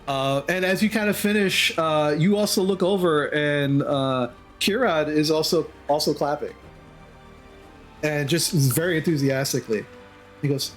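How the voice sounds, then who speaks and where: A man's voice: a little high, unhurried, faint music behind. Easygoing male game master narrating. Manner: loose, descriptive narration with many fillers.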